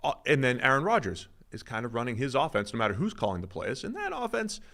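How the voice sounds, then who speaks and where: Bright-voiced sports podcast co-host man. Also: mid-range voice, quick pace. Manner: animated, mocking impressions of radio hosts. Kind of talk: casual sports chat.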